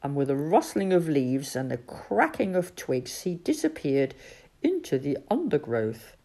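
A woman reading a children's story aloud in an expressive voice. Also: sits low, unhurried.

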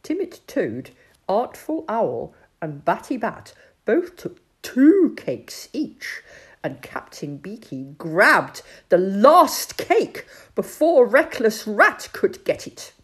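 Lady reading a kids' story out loud, slow, voice goes up and down a lot. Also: mid-range voice, husky. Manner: lively, expressive.

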